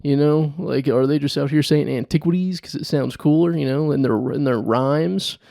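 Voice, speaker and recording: A young man riffs alone on his comedy podcast, rambling and chuckling at his own jokes. His voice is mellow and gravelly, at an ordinary pitch. The sound is close and dry. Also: moderate pace, no echo. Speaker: podcast host. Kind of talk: solo comedy podcast monologue.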